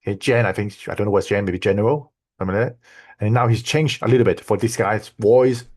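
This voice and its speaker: A man's voice: fairly low pitch, fast, a little mellow. Casual man teaching a screen tutorial. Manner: loose, repetitive teaching with frequent "okay?" and "right?". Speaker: online course instructor.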